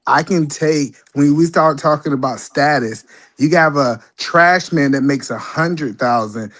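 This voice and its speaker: A man's voice: a little high, measured pace, fairly bright tone. A man hosting a live-stream debate, earnestly arguing his point.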